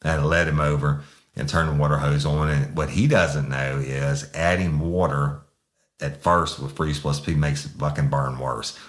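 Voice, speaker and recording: A former police sergeant, telling a story in a blunt, profane, rambling way. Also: male voice, a bass voice, fairly even intonation, normal speed. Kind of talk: casual storytelling.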